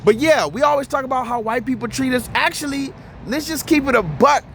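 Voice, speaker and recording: Male vlogger with a high voice, blunt and profane, ranting with animated storytelling, light background noise. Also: fairly quick. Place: Houston area.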